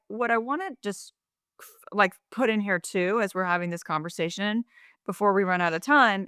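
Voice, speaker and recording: A woman's voice: lowish voice, clean tone, dry recording, studio quality. A woman co-hosting a podcast in casual chat, talking at length with restarts and acting out quoted phrases. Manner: animated, acts out quoted phrases in shifting voices; talkative, frequent restarts and asides. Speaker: podcast co-host.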